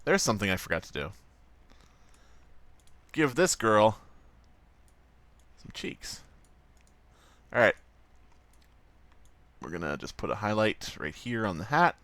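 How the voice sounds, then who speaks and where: A man's voice: fairly low pitch, sing-song, slow pace, pauses often, fairly bright tone, no echo. A man casually commenting on his livestream while drawing, rambling, joking and swearing a lot. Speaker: streamer.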